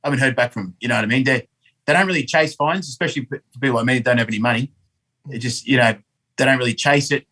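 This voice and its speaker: Bright-voiced Australian man, swearing freely. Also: medium pitch, rapid-fire, rough recording. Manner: swearing, animated, rambling. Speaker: podcast guest. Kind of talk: casual storytelling.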